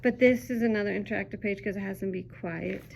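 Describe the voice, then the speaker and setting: A woman's voice: medium pitch, quick pace, creaky, darkish tone, slight background noise. A young woman teacher chatting casually through a children's book review, upbeat and full of ums.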